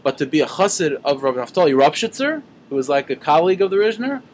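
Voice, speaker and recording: A man's voice: on the high side, animated, quick pace, a little hiss or hum, natural voice. A man acting out a tipsy, bold male jester who pleads earnestly with his rebbe.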